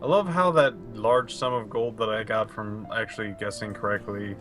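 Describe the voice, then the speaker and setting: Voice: medium pitch, normal speed, a bit bright, faint music behind. A co-host in casual chat, laid-back and joking, swearing now and then. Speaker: co-host player.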